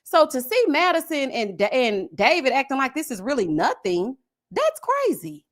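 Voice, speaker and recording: Woman, high voice, very lively pitch, chatty storytelling on a live stream. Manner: animated and expressive, drawn-out endearments. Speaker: reality show commentator.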